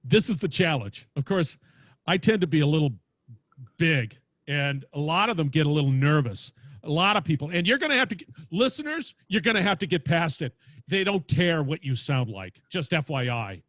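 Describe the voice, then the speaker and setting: A man with a big booming voice telling stories animatedly as a podcast guest, acting out quotes as he talks. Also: sing-song, normal speed, a bit bright, no echo. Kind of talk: lively storytelling interview. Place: home studio with lights.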